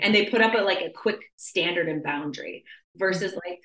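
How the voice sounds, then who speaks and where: A young adult woman hosting a podcast in casual chat, animated and constantly saying "like" as she acts out her own inner voice. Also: fairly low pitch, brisk, reverberant, low-quality recording. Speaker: podcast host.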